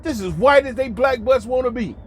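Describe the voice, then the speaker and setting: A man's voice: extremely high pitch, a little fast, slightly rough. An American man hosting a monologue commentary, emphatic and preachy, repeating lines for effect with mocking asides. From United States. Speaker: commentary host.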